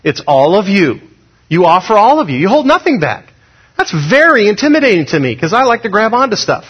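Brief: pastor husky man, high voice, lively casual sermon, muffled recording. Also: quick pace. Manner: animated, conversational preaching with sudden loud rises.

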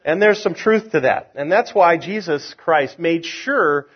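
A man's voice: on the high side, expressive, measured pace, husky. A middle-aged man preaching a sermon in a folksy, conversational way, opening with a joke and chuckling at his own lines. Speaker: pastor. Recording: lo-fi, dull sound.

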